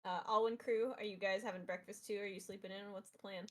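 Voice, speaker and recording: A woman narrating as game master, relaxed and chatty with many fillers. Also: medium pitch, quick pace.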